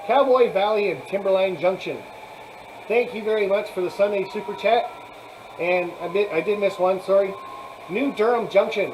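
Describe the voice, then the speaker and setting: A man's voice: high-pitched, darkish tone, slight background noise, low-quality recording. A man hosting a casual live chat, rambling, laughing often and thanking viewers as he talks. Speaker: live stream host.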